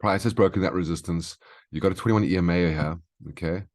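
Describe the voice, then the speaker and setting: Man, very low voice, trading chart walkthrough, keeps asking okay. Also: a little fast, a little mellow. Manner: instructive, frequent "okay?" check-ins. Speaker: market analyst host.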